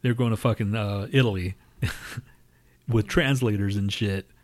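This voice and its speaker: Crude, swearing podcast host. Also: male voice, fairly low pitch, fairly even intonation, unhurried, dry recording. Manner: crude, swears constantly, laughs often. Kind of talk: casual chat.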